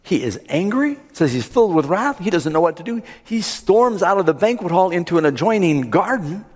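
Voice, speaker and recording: A man preaching a sermon, retelling a Bible story and acting out the characters' lines with lively swings in pitch. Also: a little fast. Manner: acts out the characters' lines with rising animated pitch. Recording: long hall reverb.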